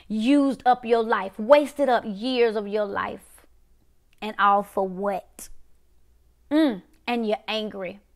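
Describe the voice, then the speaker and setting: A woman's voice: fairly high pitch, gravelly. A middle-aged woman preacher delivering a prophetic sermon, repeating short phrases in a rhythmic call-and-response cadence.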